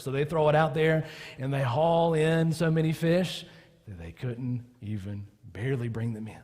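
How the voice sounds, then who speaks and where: A male pastor preaching a sermon as lively storytelling, acting out the people he quotes. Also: medium pitch, normal speed, big-room sound.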